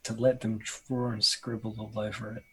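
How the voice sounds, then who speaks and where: A man playing a tabletop game, speaking in mock-formal flattery. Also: fairly low pitch, moderate pace, slight background noise, low-quality recording. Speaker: player. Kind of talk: tabletop role-play chat.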